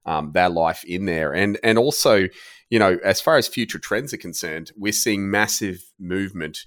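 A man's voice: low voice, moderate pace, a bit bright, no echo, clean studio sound. An Australian man, a company founder guest, talking casually and jokily in a podcast interview.

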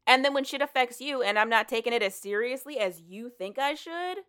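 A woman on a podcast retelling a book's plot in a casual, animated way, swearing and paraphrasing the characters. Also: fairly high pitch, fairly quick, smooth. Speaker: podcast co-host. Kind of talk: casual chat recapping a book.

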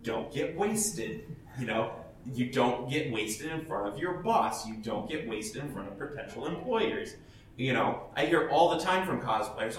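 A man's voice: mid-range voice, very animated, measured pace, slight background noise. Blunt, laughing man giving panel advice, picked up from a distance in a big echoey hall with faint ambience. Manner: blunt, chatty, laughs often, restarts sentences. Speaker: professional cosplayer speaking at a panel. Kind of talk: casual advice talk to an audience.

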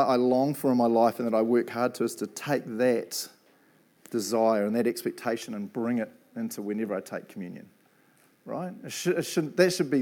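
A man's voice: mid-range voice, darkish tone. A middle-aged man with a New Zealand accent preaching a sermon in a casual, chatty way, often tagging on "eh" and "right". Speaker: preacher and Bible college principal.

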